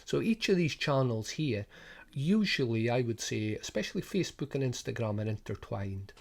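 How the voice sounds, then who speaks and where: A middle-aged man with a strong Scottish Highland accent explains a coaching programme casually, with frequent restarts and rhetorical questions. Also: very animated, normal speed, gravelly. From Scotland. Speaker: sports business coach. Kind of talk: informal spoken programme overview.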